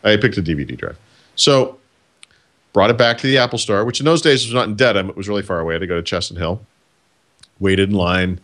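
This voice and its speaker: A man co-hosting a casual tech podcast, speaking with dry, deadpan humor. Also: lowish voice, fast. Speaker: podcast co-host. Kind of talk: casual chat.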